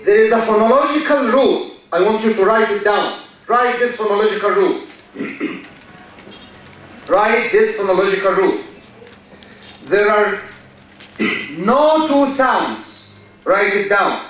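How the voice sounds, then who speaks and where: A man giving a university lecture in a large hall, speaking slowly, repeating key phrases and quizzing his students. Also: sits high, a bit bright, slight background noise. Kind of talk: classroom lecture. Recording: echoey hall from far off.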